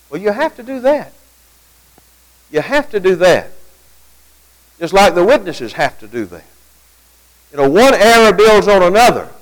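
A man delivers a sermon to his congregation in a high-pitched voice. His delivery is very animated, with wide swings of pitch as he poses rhetorical questions. He reads quotations aloud and then answers them. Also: rough recording. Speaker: preacher. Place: church gathering at night.

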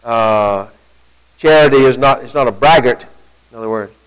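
At a moderate pace and with a smooth delivery, this man gives a conversational sermon filled with rhetorical questions. When he quotes scripture, his voice climbs higher and louder. The audio quality is poor.

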